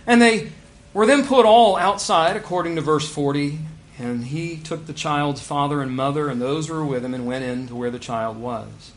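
High-voiced preacher with dramatic swings. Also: male voice, normal speed. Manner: expressive, swings between loud emphasis and quiet asides; asks the listeners rhetorical questions. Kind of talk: sermon.

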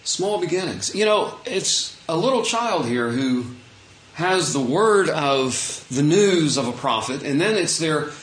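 A man's voice: on the high side, lively intonation, measured pace, a bit bright, echoey room, rough recording. A man preaching a conversational sermon, retelling a Bible story with casual asides. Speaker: pastor.

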